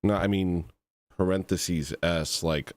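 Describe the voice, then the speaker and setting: A man hosting a livestream, rambling comically and mocking himself, with sudden jumps into high squeals and laughs. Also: fairly even intonation, slow, no echo. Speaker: livestream host. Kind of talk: rambling comedic livestream chat.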